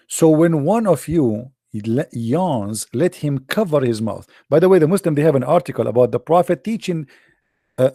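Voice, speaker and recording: Man, sarcastic commentator, non-native English, gravelly fry, dry close sound. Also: a little high, a little mellow, no echo. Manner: sarcastic, mocking, drawls quoted passages slowly. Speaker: religion critic commentator. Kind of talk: mocking monologue commentary.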